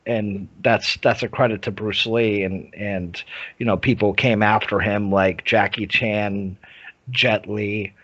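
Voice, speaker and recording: A man's voice: on the low side, fairly even intonation, takes it slowly, fairly bright tone. A man co-hosting a film podcast, talking casually and enthusiastically with frequent restarts and the odd curse. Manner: enthusiastic, profane, hesitant with many restarts. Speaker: podcast co-host. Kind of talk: casual film review chat. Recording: dull lo-fi sound.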